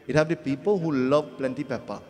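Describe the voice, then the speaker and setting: Folksy Trinidadian pundit telling scripture tales. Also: male voice, mid-range voice, fairly quick, darkish tone. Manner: folksy, humorous, repetitive storytelling. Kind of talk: devotional storytelling sermon. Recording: echoey hall with faint music.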